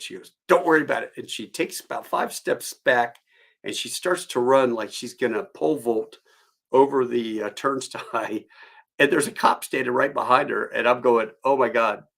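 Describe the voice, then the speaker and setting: Gravelly-voiced man spinning rambling stories on a live stream, chuckling as he goes. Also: fairly low pitch, a bit bright. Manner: rambling anecdotal delivery with chuckles. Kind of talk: storytelling.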